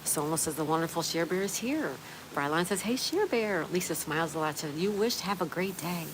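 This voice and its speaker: A woman's voice: fairly low pitch, lively intonation, brisk, noisy background. A woman from Florida hosting a livestream, chatting and reading viewer messages aloud. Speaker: livestream host. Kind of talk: reading live chat aloud. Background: rain ambience.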